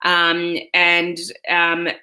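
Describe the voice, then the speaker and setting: A woman's voice: fairly low pitch, completely flat delivery, very slow, sharp tone. A woman giving casual, encouraging motivational advice to her online community, chatty and full of fillers. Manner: chatty, encouraging, with many fillers and quoted self-talk. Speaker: online business coach.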